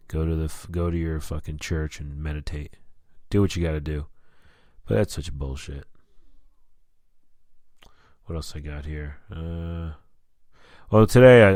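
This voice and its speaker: A man's voice: extremely low pitch, a little mellow, no echo. A man hosting a casual solo podcast, talking in a rambling, candid way and swearing often. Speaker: podcast host. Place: lives in Albuquerque.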